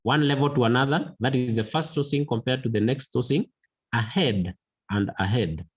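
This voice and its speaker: A man teaching a mathematics lesson, slow and deliberate, repeating key words for emphasis. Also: medium pitch, breathy edge, poor audio. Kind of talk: classroom lesson.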